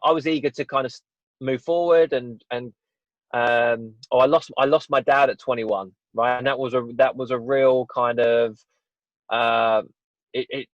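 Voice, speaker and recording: A man's voice: medium pitch, steady tone, normal speed, no room sound. A man in his twenties, a podcast guest, telling his story in a rambling, candid way with many restarts. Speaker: guest, fitness business owner. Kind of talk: casual podcast interview. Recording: dull dry lo-fi audio.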